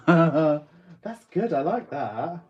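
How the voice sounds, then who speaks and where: Speaking very slowly in a high-leaning, sing-song voice with a breathy edge, a West Country man runs a casual live stream for his online shop. He laughs frequently while reading out viewers' comments, and the sound is lo-fi.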